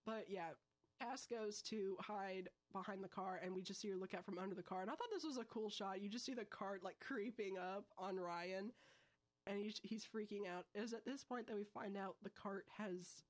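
A young woman hosts a casual podcast, telling a film's plot in a breezy, quick way. She tosses in slangy asides as she goes. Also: mid-range voice. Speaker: podcast host. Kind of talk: casual film review chat.

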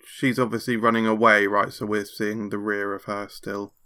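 A man playing a tabletop game, talking slowly and laughing, stumbling over his words. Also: lowish voice, little pitch movement, pushed and bright, smooth. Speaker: player. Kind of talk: casual tabletop game play.

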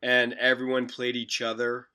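A man's voice: medium pitch, monotone, normal speed, bright, forceful tone, smooth. A man, a basketball coach talking casually on a podcast and often repeating words as he tells stories. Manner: talkative, repeats words while storytelling. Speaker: university basketball head coach.

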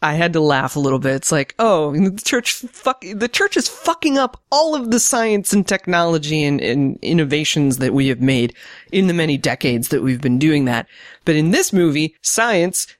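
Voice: medium pitch, big pitch swings, moderate pace, dry recording, studio quality. A podcast co-host chatting casually about a film, full of sarcastic, joking tangents. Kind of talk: casual film recap chat.

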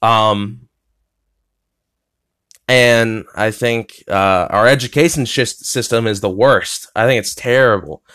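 On his own podcast, a young American man rambles casually from his bedroom, full of fillers, restarts and swearing. His voice is on the low side, clear, resonant and fairly bright, and he takes his time.

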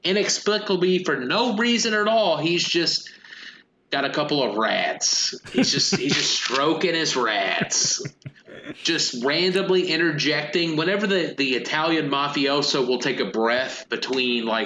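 A man's voice: fairly high pitch, measured pace, sharp tone, reverberant, slight background noise, poor audio. A man co-hosting a casual comedic movie discussion, rambling and acting out silly villain voices. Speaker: podcast co-host.

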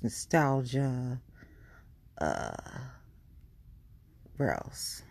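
Blunt, profane podcast woman, husky. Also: rumbling low, a little mellow. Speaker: podcast host. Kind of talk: casual ranting monologue.

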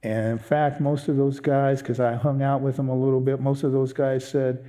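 A man preaching as a pastor, telling a personal testimony in an animated, self-mocking way. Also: medium pitch, normal speed, few pauses.

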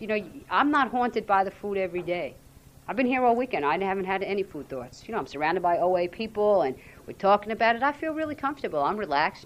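A woman's voice: mid-range voice, a little hiss or hum. A woman giving a frank, earnest personal share at a recovery fellowship weekend, talking candidly about her struggles. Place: weekend retreat venue.

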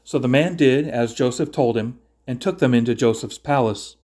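Male scripture narrator, even-paced podcast reading. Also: medium pitch, normal speed. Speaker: scripture reader. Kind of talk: scripted narration of a Bible story.

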